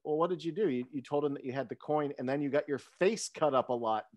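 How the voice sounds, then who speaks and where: A man's voice: on the high side, fast talker, darkish tone. A man co-hosting a movie podcast, mocking films in a sarcastic, swearing, casual way. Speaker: podcast co-host.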